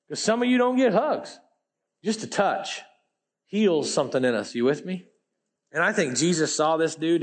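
A man preaches a sermon casually and with lots of animation, using plenty of slang. His delivery swings between loud, emphatic bursts and quiet, low asides.

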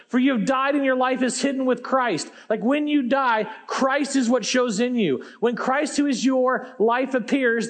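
A man in his forties, a pastor preaching a sermon on stage in a church, reading scripture aloud and adding emphatic, conversational asides. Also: very high voice. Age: 40s.

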